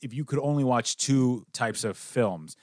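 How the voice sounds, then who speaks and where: A man's voice: mid-range voice, unhurried, dry recording, studio quality. Easygoing man hosting a podcast. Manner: laid-back, laughing, profane. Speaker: podcast host. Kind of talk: casual chat.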